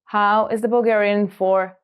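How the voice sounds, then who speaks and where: Slow, clear woman teaching vocabulary. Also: mid-range voice, flat delivery, muffled recording, noisy background. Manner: slow, clear repetition of words for learners. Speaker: language lesson host. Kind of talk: scripted vocabulary lesson.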